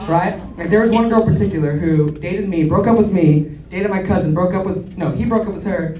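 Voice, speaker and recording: Young man, high voice, self-deprecating stand-up, heard from afar in an echoey club. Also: brisk, highs cut off. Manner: self-deprecating, animated storyteller. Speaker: stand-up comedian. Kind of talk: stand-up comedy storytelling. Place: comedy club stage. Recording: echoey club, distant, crowd laughter. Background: audience laughter.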